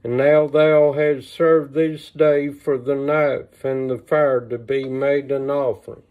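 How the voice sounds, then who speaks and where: A man reading the lines of a grieving old mother in a slow, measured lament, recorded on a phone. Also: mid-range voice, level tone, lightly acted. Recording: tinny phone-line sound.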